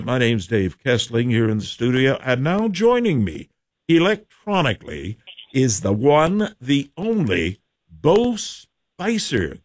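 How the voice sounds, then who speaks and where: Male morning radio host, folksy, lively pitch, dry studio sound. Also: no room sound. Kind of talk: radio weather and chat.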